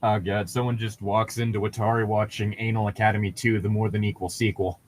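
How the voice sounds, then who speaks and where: A man's voice: lowish voice, flat delivery, brisk. A young man co-hosting a casual podcast chat, rambling with lots of fillers and laughing often. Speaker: podcast co-host.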